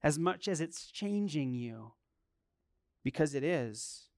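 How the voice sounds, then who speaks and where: A middle-aged man preaches with a slightly high, crisp and resonant voice. The sound is dry and close. He shifts between chatty, halting asides and emphatic, rising calls to the congregation. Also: animated, a little mellow, no echo. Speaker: pastor. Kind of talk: sermon.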